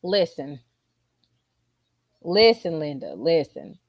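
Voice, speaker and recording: Woman commentator, AAVE, blunt and incredulous, slow drawl, dry close sound. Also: low-pitched, huge pitch swings, no room sound. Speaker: commentary channel host. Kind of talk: casual reaction commentary.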